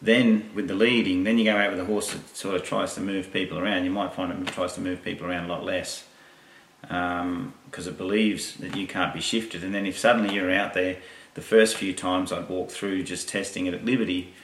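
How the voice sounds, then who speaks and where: A man who trains horses, giving a calm, rambling lesson with quoted asides. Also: sits low, brisk, a little hiss or hum. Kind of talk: instructional talk. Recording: echoey, distant mic.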